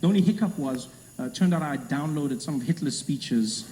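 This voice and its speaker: Brief: male stand-up, fairly high voice, roomy venue with crowd noise. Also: normal speed. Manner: animated storytelling, slips into voices. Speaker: stand-up comedian. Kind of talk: stand-up routine. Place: large comedy venue. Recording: echoey hall, live audience.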